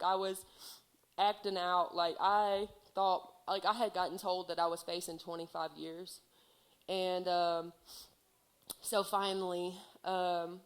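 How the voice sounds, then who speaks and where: A woman sharing a heartfelt personal testimony in church, speaking earnestly and filling her sentences with "like" and "um.". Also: medium pitch. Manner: earnest, heartfelt, filler-heavy with many "like"s.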